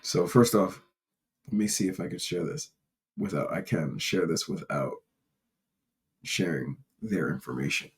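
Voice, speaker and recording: A man with a somewhat low voice talks through a solo podcast episode, rambling and candid. He restarts sentences often, drifts between stories and drops casual profanity as he goes. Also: animated, a little slow, long pauses. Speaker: podcast host.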